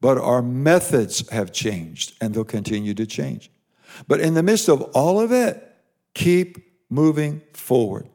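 Preaching man with a gravelly voice. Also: mid-range voice, animated, unhurried, warm tone. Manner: emphatic preaching with repeated phrases. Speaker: pastor. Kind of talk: sermon. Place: church or broadcast sermon to online viewers.

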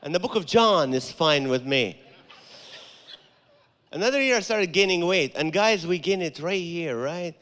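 A man doing stand-up comedy in a church, telling animated stories and acting out the voices. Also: a little high, measured pace, long pauses. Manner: animated storytelling, acts out voices and punchlines. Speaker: Christian comedian. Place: large church auditorium. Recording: long hall reverb.

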